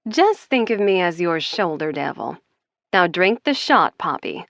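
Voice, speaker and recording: A woman's voice: fairly low pitch, big pitch swings, unhurried, gravelly, a bit bright, no room sound, clean studio sound, heavily acted. A woman voicing a brash, loyal female bartender in an audiobook, blunt and profane. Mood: wry. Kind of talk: audiobook character voice.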